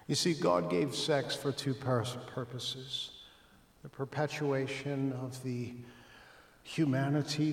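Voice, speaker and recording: Preaching pastor, man, in an echoey hall. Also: mid-range voice. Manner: emphatic preaching that swings from hushed asides to loud exclamations. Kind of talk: sermon.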